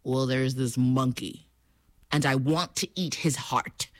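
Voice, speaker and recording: A woman voicing a grumpy young male crocodile who talks in a slow, sullen way. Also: extremely low pitch, steady tone, no echo, clean studio sound, voice pushed down. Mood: sulky.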